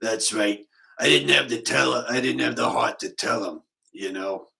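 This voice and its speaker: Man doing a drawling Boston conspiracy vlogger, gravelly and deadpan, for a comic impression. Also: mid-range voice, normal speed, rough recording. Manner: rambling, deadpan, digressive.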